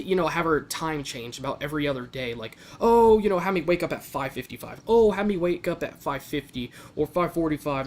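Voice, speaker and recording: Frustrated young man venting, slightly high voice. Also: slight background noise. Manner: frustrated venting with frequent restarts. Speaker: vlogger. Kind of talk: casual vlog rant.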